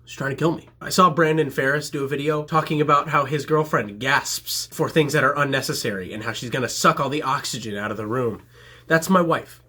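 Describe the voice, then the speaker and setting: A man telling a comedic story about himself in an animated, self-mocking way. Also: medium pitch, brisk, breathy edge.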